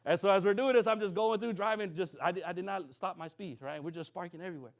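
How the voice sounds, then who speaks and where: A high-pitched minister preaches to a congregation at a quick pace, telling a story through lively, acted-out dialogue. He keeps checking in with his listeners along the way.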